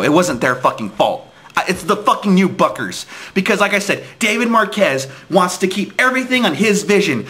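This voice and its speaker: A man's voice: high voice, a bit bright. A young man ranting angrily about a wrestling show, swearing constantly and restarting his sentences. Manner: angry, profane, repetitive restarts. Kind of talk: profane fan rant monologue.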